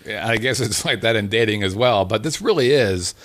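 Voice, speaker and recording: A man co-hosting a casual podcast, joking and laughing often as he riffs with his partner. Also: fairly low pitch. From Las Vegas resident. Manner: joking, animated, quick laughter. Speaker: podcast co-host.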